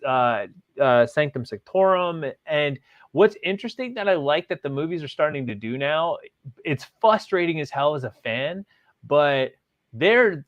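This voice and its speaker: A man's voice: a little high, lo-fi sound. A man hosting a podcast in casual chat, rambling and leaning on filler words as he talks through his thoughts. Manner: rambling, leans on "like" and "literally". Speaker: podcast host.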